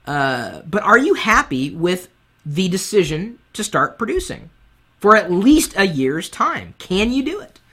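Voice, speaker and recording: A man with a high-pitched voice hosting a live-streamed web show from his studio set, talking candidly and from the heart into a boom mic on top of the camera. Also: a little slow. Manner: animated, candid, speaks from the heart. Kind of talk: live-streamed advice talk. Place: home studio set with lights.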